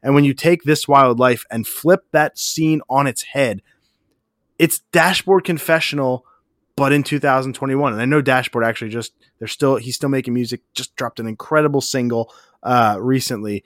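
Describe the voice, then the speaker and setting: Profane, excitable podcast guy. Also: medium pitch, moderate pace, no room sound, studio quality. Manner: profane, enthusiastic, rambling. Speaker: podcast co-host. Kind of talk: casual podcast chat.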